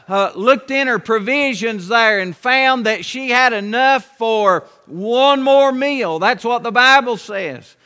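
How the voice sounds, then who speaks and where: High-voiced, slow-preaching man. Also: bright, forceful tone. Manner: folksy, storytelling, asks rhetorical questions. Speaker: pastor. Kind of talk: sermon. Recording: long hall reverb.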